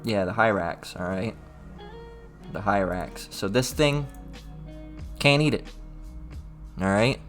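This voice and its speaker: A man with a fairly low voice leads a relaxed scripture study. He talks loosely and repeats himself, tacking "all right?" onto most lines, and lifts his voice when he reads the old-style verses aloud. Soft music plays faintly behind him. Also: slow, long pauses. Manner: repetitive, checks in with "all right?". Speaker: religious teacher.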